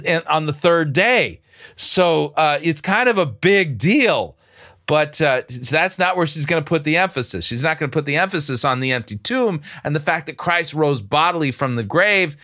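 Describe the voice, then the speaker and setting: A man's voice: on the high side, a bit bright. A man hosting a commentary show, picking apart a sermon clip with sarcastic, incredulous remarks and frequent restarts. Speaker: host.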